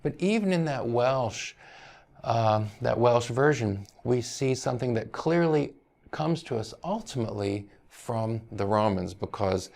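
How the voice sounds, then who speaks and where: A man's voice: fairly low pitch, vocal fry, darkish tone. A male university teacher giving a lecture on language history, explaining patiently, often checking in with "right?" and hedging over foreign pronunciations.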